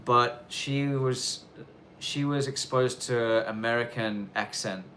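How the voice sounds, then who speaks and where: The host speaks at medium pitch with fairly even intonation, taking it slowly in a pushed, bright voice; a little hiss or hum is audible. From the snowy Japanese countryside, he rambles through a casual live Q&A stream with many fillers and restarts.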